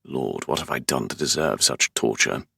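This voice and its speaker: Very deep gravelly English man narrating. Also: lively intonation, moderate pace, bright, forceful tone, no echo. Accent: English, London. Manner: dry, sardonic, exasperated. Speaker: audiobook narrator. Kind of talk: first-person audiobook narration. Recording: dry close studio sound.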